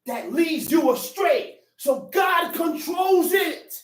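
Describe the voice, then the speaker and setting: A man with a strikingly high voice gives a Sabbath teaching in a streetwise, conversational way, punching points home with sudden shouts. The mic sits some way off, and the room throws back a lot of echo. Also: expressive, slow. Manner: emphatic, with sudden shouted bursts. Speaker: religious teacher. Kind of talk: Sabbath teaching to a small group. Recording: echoey room, distant mic.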